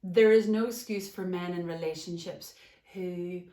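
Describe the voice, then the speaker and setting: Earnest woman podcast host, lowish voice. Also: steady tone, a little slow, mellow, roomy sound. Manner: earnest, emphatic, gets emotional at times. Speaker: life coach and podcast host. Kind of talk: unscripted podcast monologue.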